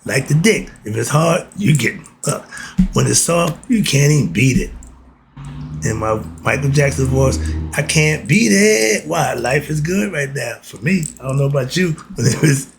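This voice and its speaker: A man's voice: mid-range voice, normal speed, vocal fry, background noise. A man giving a casual spiritual talk, asking himself rhetorical questions and answering them. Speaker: spiritual teacher.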